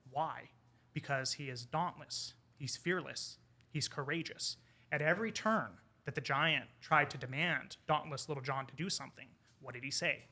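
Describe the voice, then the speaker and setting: A man, an English professor, telling a folk tale in casual conversation over wine, animated and quoting the characters. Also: mid-range voice. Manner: animated retelling with quoted character lines. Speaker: podcast guest, English professor.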